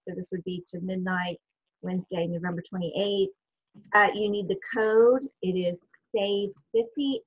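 Woman giving announcements over dull call audio. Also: mid-range voice. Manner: reads announcements, practical. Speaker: co-host. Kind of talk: casual video call chat. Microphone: video call.

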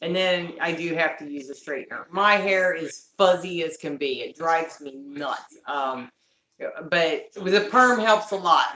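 A woman's voice: on the low side, pushed and bright, reverberant. A woman chatting casually on a livestream, greeting viewers by name and talking to her pets at home.

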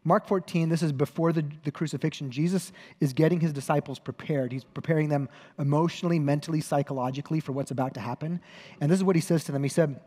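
A male pastor delivers a sermon in a slightly higher register for a man. He speaks conversationally, often correcting himself mid-sentence and adding a wry joke. His voice rings out with a long reverb from a large church hall. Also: fairly even intonation, fast, warm tone. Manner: conversational storytelling with self-corrections.

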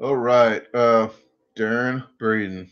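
A man's voice: mid-range voice, fairly even intonation, slow pace, clean tone, highs cut off. A man hosting a casual livestream, rambling and joking, repeating words for laughs. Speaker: livestream host.

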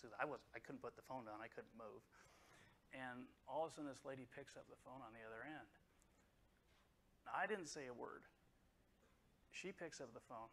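A middle-aged man from the United States telling an emotional personal story at a conference, halting and full of fillers. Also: medium pitch, a bit bright, a little hiss or hum, rough recording. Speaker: conference speaker. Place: conference hall.

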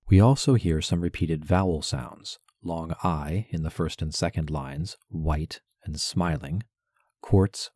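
Slow, very deep-voiced man teaching poetry. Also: a little mellow, dry recording, studio quality. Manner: measured and deliberate, stressing syllables. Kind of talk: instructional narration with poem recitation.

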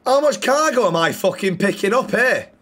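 A man's voice: sits high, expressive, moderate pace, fairly bright tone. A man streaming a roleplay game, chatting casually with lots of swearing and teasing banter.

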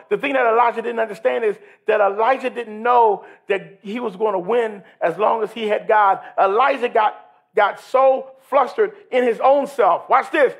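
A male pastor preaching a sermon in a church service, animated and building to shouts, asking the congregation questions. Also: extremely high pitch, gravelly, slightly rough. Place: church sanctuary during a worship service.

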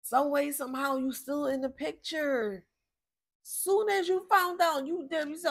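A woman's voice: high voice, fairly even intonation, measured pace, gravelly. A woman from giving a casual spiritual reading, blunt, profane and exasperated, drifting off topic as she talks. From Philadelphia, USA. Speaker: tarot reader.

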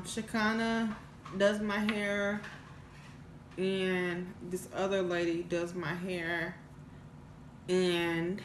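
A woman's voice: mid-range voice, roomy sound, slight background noise. A woman vlogger telling a casual storytime, rambling and earnest with lots of restarts. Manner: rambling, with many restarts and fillers; emotional, earnest. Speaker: mukbang vlogger.

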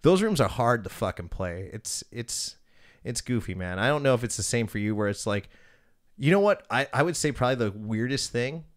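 A man's voice: mid-range voice, expressive, moderate pace. A man hosting a podcast, telling rambling, profane stories in casual chat and acting out the people in them. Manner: profane storyteller, acts out quotes, laughs often. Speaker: podcast host.

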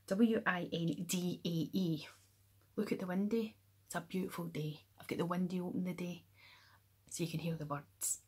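A woman from near Glasgow with a West of Scotland accent, explaining Scottish slang softly in a playful way, often dropping to a whisper and spelling words out slowly. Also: fairly low pitch, steady tone, husky. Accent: West of Scotland (Glasgow area). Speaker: YouTuber. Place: room at home with the window open.

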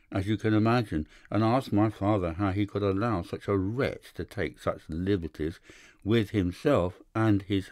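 Male narrator, scripted narration, measured, low pitch, dry. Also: darkish tone, no room sound. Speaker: audiobook narrator.

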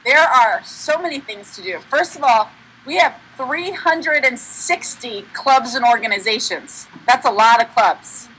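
Young woman, college rep talking to kids; bright, breathy voice, cheerful and chatty. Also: fairly high pitch, expressive, a little slow, low-quality recording. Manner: upbeat, asks the kids questions back. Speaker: college representative. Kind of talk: answering children's questions.

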